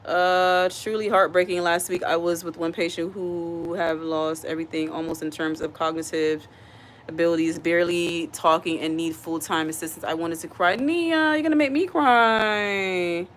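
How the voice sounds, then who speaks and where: A woman's voice: lowish voice, steady tone, normal speed, slight background noise. Chatty woman live-streaming from her kitchen. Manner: chatty, talks straight to viewers and reads out chat comments; earnest and heartfelt, repeats her points for emphasis. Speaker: livestream host. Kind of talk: casual live-stream chat while cooking. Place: home kitchen.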